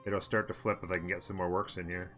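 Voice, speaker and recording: A man talks through a strategy game in live commentary, muttering his plans to himself and answering his viewers. His voice sits fairly low but sounds very bright and forceful, with a tense edge. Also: level tone, fast, soft background music. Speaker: let's play host.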